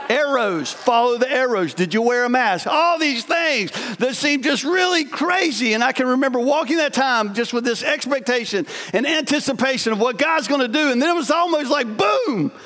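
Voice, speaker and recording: Man in his 40s, very high pitched, telling his own story in a sermon in a big echoing hall; lively, laughing, keeps restarting his sentences. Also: moderate pace. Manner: animated, laughing, self-interrupting. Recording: long hall reverb.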